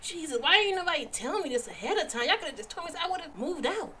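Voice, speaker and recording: A woman's voice: extremely high pitch, very animated, quick pace, few pauses, sharp tone, slight background noise. A woman with a Southern US accent hosting a horror game let's play, jumpy and exclaiming as she talks back to the game. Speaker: gaming channel host.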